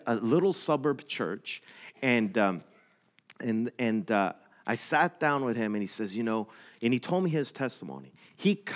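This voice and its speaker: A middle-aged man, a missionary preacher, telling a story in a sermon with slides, in an earnest way that climbs higher and louder as he gets into it.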